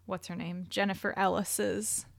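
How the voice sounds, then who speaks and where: A woman's voice: mid-range voice, level tone, unhurried, gravelly, dry recording. A woman co-hosting a casual podcast chat, reading out descriptions with wry asides and frequent laughs. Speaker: podcast co-host.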